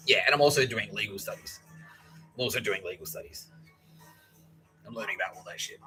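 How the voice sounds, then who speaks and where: Australian man, podcast host, rambling comedic monologue, lots of swearing, lowish voice, faint music behind. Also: brisk, low-quality recording. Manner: profane, rambling, acts out quoted people.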